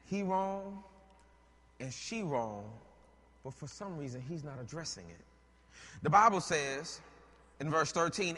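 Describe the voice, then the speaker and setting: Male preacher, high lively voice, husky and bright, long reverb of a hall. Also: a little slow, long pauses. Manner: animated, joking, rises to shouts. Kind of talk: sermon.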